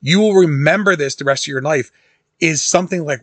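A man's voice: a little high, a little fast, a bit bright. A middle-aged man with a slightly raised voice talks about a horror film in a loose, chatty monologue. He circles back, restarts his sentences and wanders into side stories. The sound is dry and close, with no room echo. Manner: rambling storyteller, many restarts and asides. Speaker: host reviewing a horror film. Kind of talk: casual monologue.

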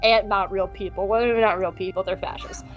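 A woman's voice: medium pitch, steady tone, fairly quick. A woman co-hosting a podcast, rambling and joking through a casual recap with frequent swearing. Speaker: podcast co-host. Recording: dull lo-fi audio with faint music.

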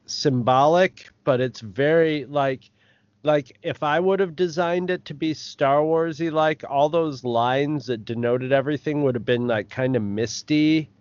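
A man in a mid-range voice mulls over an episode, halting and restarting as he thinks aloud. The sound is dry and close, but dull and lo-fi. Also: on the high side, a little mellow, smooth, no echo. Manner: halting, thoughtful, many restarts. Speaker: podcast co-host. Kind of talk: casual recap chat.

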